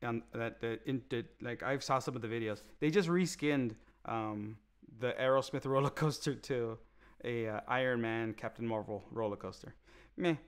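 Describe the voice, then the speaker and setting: A man co-hosting a casual movie review podcast, rambling with many restarts and getting animated. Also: medium pitch, normal speed, clear, resonant tone. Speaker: podcast co-host.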